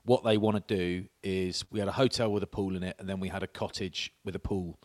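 A man's voice: low voice, fairly even intonation, brisk, a little mellow. A man, chatting on a podcast and telling stories with laughs and swearing. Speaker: podcast co-host. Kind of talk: casual chat.

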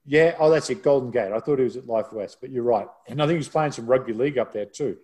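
A man's voice: medium pitch, quick pace, a little mellow. Male rugby commentator, chatty storyteller, self-deprecating, casual podcast tone. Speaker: rugby broadcaster.

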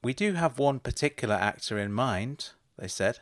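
A man delivers a comic monologue with dry, deadpan timing and growing mock outrage. His mid-pitched voice sits close to the mic, with no room echo. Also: moderate pace. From England.

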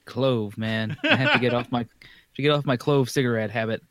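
A man's voice: medium pitch, fairly even intonation, normal speed, a bit bright. A man co-hosting a casual podcast, tossing in joking asides. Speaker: podcast co-host. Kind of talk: casual chat.

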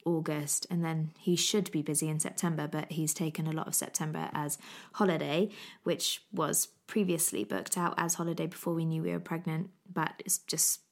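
A woman's voice: low voice, steady tone, normal speed. A young woman hosting a podcast in a casual, chatty way, gushing and often repeating herself. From England. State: pregnant. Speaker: podcast host. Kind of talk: casual chat.

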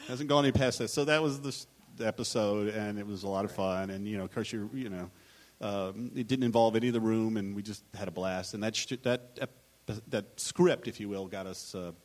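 A man's voice: on the low side, fairly quick. A man on a live writers' panel, telling anecdotes in a rambling, self-interrupting way and acting out quotes.

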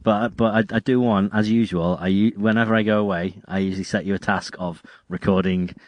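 A man's voice: fairly low pitch, fairly even intonation, fairly quick, a little hiss or hum. A young man hosting a podcast in casual chat from a parked car, with a dry, teasing manner. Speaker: podcast host.

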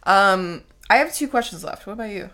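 A woman's voice: medium pitch, lively intonation, fairly quick, sharp tone. A young woman co-hosting a podcast in casual chat, teasing playfully and laughing often. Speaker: podcast co-host.

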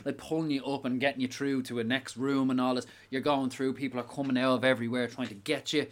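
Swearing Irish lad telling a story. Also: male voice, mid-range voice, fast. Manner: animated storytelling, heavy swearing. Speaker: podcast co-host. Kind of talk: casual chat.

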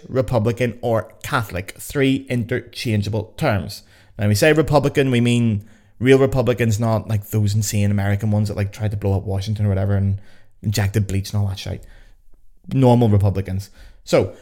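A man's voice: mid-range voice, darkish tone. A young man with a Belfast accent hosting a casual explainer podcast, chatty and full of sardonic asides. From Northern Ireland. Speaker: podcast host.

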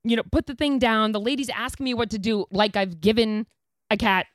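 A woman with a fairly high voice tells a story in a relaxed chat, lively and quick to laugh. Her voice sits close and dry, with no room sound around it. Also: no room sound. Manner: animated, laughing through the story.

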